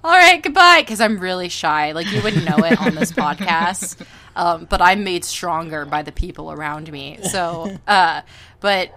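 A woman chatting animatedly on a podcast, quick to laugh and play around. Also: on the low side, crowd noise. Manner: animated, laughing, puts on voices. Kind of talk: casual chat.

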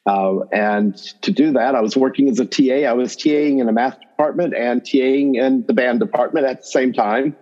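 A middle-aged man with a North Carolina accent, a math education professor telling his story in a relaxed, chuckling way as a podcast guest. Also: mid-range voice, a little fast, hardly any pauses, lo-fi sound. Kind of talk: conversational interview.

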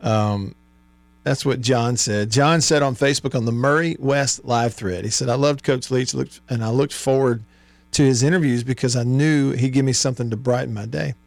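A man's voice: mid-range voice, normal speed, creaky, no room sound. Man hosting radio sports talk. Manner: reads listener texts aloud, chuckling often. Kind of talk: casual call-in radio chat. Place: radio studio. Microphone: studio microphone.

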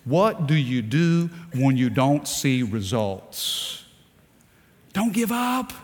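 In a large church hall, a pastor delivers a fervent sermon, repeating words and putting rhetorical questions to the congregation. His mid-range voice is husky and very animated, he takes it slowly, and a long reverb tail trails his words.

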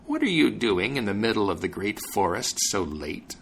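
A man voicing an angry old woman witch in a storybook reading, with a raised, drawn-out voice. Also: fairly low pitch, big pitch swings, slight background noise. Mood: suspicious.

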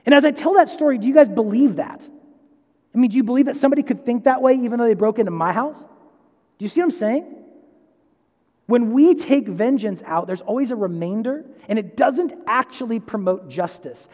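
A man's voice: high voice, lively intonation, fairly quick, a little mellow, in a large hall. A man preaching a sermon, telling a personal story in a conversational way with asides and self-corrections. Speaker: pastor.

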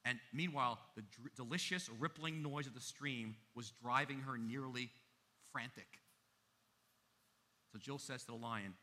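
A man preaching a sermon as pastor, emphatic, with big swings in loudness. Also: mid-range voice, a little slow.

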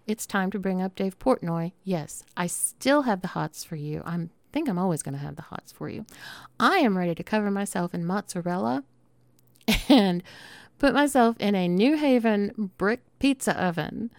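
A middle-aged woman with a Southern drawl talks straight to her listeners in a loose, chatty podcast monologue. She rambles warmly, doubles back and restarts her sentences. Her voice sits in a middle register, and the recording is close and dry with no room sound. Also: mid-range voice, gravelly, no room sound. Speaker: podcast host. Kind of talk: casual monologue.

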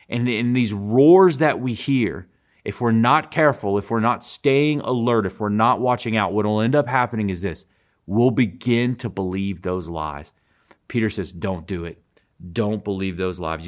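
A man preaching a sermon, earnest, repeating phrases for emphasis, with frequent stammering restarts. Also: medium pitch.

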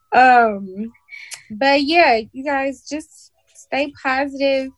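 A woman on a video call, talking in a slow, encouraging, faith-minded way in a casual chat. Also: high voice, lively intonation, no room sound, soft background music, low-quality recording.

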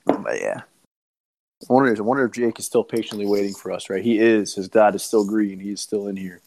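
Young male co-host with a lowish voice, rambling and excitable, casual chat. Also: a little fast, creaky. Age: young adult. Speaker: podcast co-host.

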